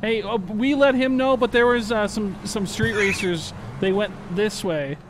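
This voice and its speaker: A man's voice: sits high, a little slow, noisy background. A man streaming a comic role-play game, eager and jokey, rambling with fillers.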